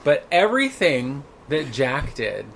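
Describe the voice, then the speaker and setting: Man, podcast host, gravelly voice, blunt, profane, casual chat. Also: mid-range voice, very animated, unhurried, a bit bright, slight background noise, rough recording.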